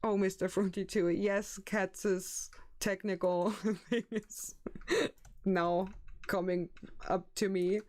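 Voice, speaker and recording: German lady streamer, mid-pitched, takes her time, casual chatty talk. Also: level tone, slow, darkish tone. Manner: chatty, searching for words. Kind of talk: casual livestream chat.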